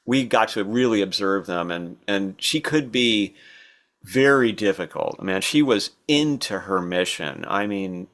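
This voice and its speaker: An older man telling stories from his past as a podcast guest, thoughtful and unhurried, with fillers and restarts. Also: fairly low pitch, a bit bright. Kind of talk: relaxed storytelling interview.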